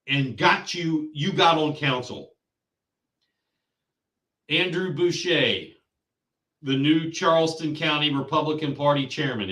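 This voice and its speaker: Angry guy ranting about local politics, slow talker, sharp bright voice, echoey room. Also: a little high, recorded from a distance. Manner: heated, ranting, insulting. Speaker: podcast host.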